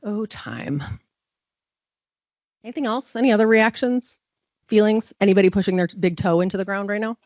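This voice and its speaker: A woman's voice: medium pitch, fast, darkish tone, dry recording, highs cut off. A woman giving a live conference talk, chatty and self-deprecating, full of fillers. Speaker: conference presenter.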